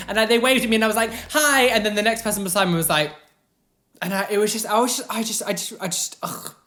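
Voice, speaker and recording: A man in his twenties from England with a fairly high, camp voice, chatting animatedly through viewer questions in a casual vlog. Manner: chatty and animated, lots of fillers. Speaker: vlogger answering viewer questions. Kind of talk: casual Q&A chat.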